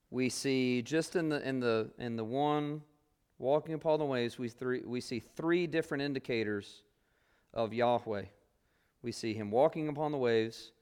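A man leads a Bible class, reading passages aloud and then talking through them with frequent "uh"s and restarts. His voice is smooth and resonant, with a middle pitch and a relaxed, conversational delivery. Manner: conversational, many fillers, reads scripture aloud then explains. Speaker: Bible teacher.

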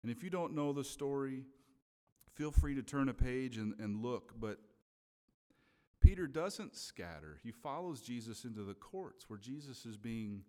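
A male preacher delivering a sermon in a relaxed, conversational way, regularly pausing to check in with his listeners. His voice sits at an ordinary male pitch. A long reverb trails each phrase, as in a large hall.

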